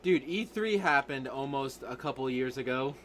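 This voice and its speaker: A young man with a bright, forceful voice hosts a casual gaming podcast from home. His pitch jumps around a lot as he jokes and teases his friends. A faint hiss sits under his computer mic. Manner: joking, animated, quick to tease. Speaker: podcast host.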